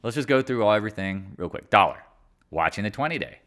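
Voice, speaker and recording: Fast-talking, with lively intonation and a fairly low, somewhat bright voice, this man runs a casual live market chat. He rambles and jokes while going over charts, occasionally laughs at himself, and breaks into song or silly impressions of other traders.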